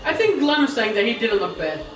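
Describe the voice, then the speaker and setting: Woman co-host, higher-pitched, chatty and profane, roomy live-stream sound. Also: big pitch swings, brisk, distant mic, music in the background. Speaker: podcast co-host. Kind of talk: casual wrestling chat.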